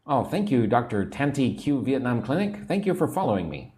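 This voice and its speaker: An American man giving a livestream English lesson, repeating phrases clearly and greeting viewers by name. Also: medium pitch, sing-song, a little fast, dark tone. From United States. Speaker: English teacher.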